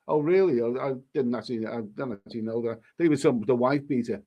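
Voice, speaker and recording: With a mellow mid-range voice and lively intonation, this streamer talks fast with hardly any pauses. He reads comments and rambles casually, with frequent stumbles and repeated words.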